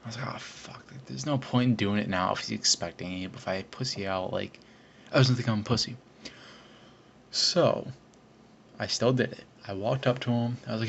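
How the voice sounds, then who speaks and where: A teenage boy tells a story in a loose, meandering way, stacking up fillers and false starts as he goes. His voice sits on the lower side. The recording is dull and lo-fi, with a faint hiss underneath. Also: fairly even intonation, moderate pace, gravelly. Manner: rambling, frequent fillers and restarts. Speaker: vlogger. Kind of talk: casual storytelling.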